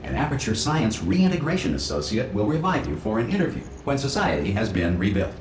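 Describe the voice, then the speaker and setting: A man's voice: lowish voice, wildly swooping pitch. Formal male facility announcer. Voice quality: measured, formal announcement delivery. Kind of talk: recorded public announcement. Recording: roomy game audio with background noise.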